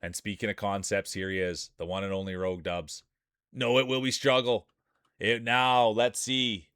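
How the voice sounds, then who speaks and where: Lower-voiced man calling a game with hype. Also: moderate pace, clean tone, dry recording, clean studio sound. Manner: excitable, joking, hypes up players. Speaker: streamer and game commentator. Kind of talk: playful sports-style play-by-play commentary.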